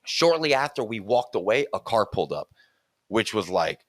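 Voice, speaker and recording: A middle-aged man with a somewhat low voice spins a long personal story in a relaxed chat. He is animated, breaks into laughter often and restarts sentences mid-thought. The sound is dry and close, with little room around it. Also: normal speed, dry recording.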